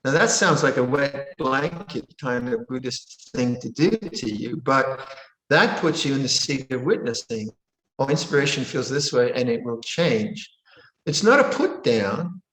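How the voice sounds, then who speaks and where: Monastic teacher, gentle and playful, given to sudden high exclamations; mid-pitched male voice in a roomy, echoing space. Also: expressive, a little slow. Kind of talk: Dharma Q&A teaching. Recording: roomy echo.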